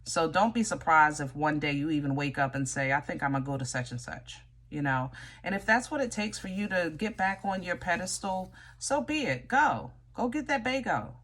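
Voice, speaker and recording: A woman's voice: lowish voice, lively intonation, moderate pace, fairly bright tone. A woman giving a casual tarot reading to viewers, chatty and direct, often teasing with "you know?" and "okay?". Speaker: tarot reader.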